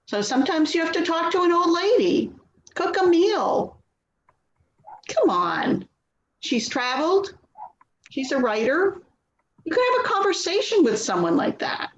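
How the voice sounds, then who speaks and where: A woman's voice: very high-pitched, big pitch swings, unhurried, long pauses, echoey room, lo-fi sound, slight background noise, full character voice. A woman in a readers theater reading, playing a frustrated daughter who pleads and coaxes with her mother's caregiver. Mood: pleading. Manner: pleading, exasperated, coaxing. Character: Louise, a frustrated, pleading middle-aged daughter. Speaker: actor in a staged reading.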